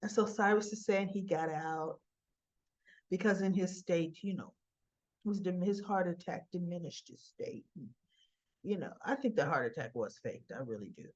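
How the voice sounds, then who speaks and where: A woman's voice: lowish voice, animated, moderate pace, muffled recording. Chatty woman recapping a soap opera. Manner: chatty, acts out quotes with fillers and asides. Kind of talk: casual spoken recap.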